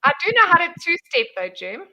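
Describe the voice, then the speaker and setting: A woman's voice: very high voice, big pitch swings, a little fast, bright, forceful tone, muffled recording, a little hiss or hum. A woman hosting a casual livestream chat, giggly and teasing. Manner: giggly, teasing, laughs often. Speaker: streamer host.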